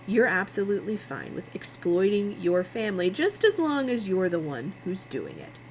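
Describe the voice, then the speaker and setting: A woman's voice: mid-range voice, sing-song, moderate pace, a little mellow, a little hiss or hum, rough recording. A woman voicing a smug male TV producer, sarcastic and needling.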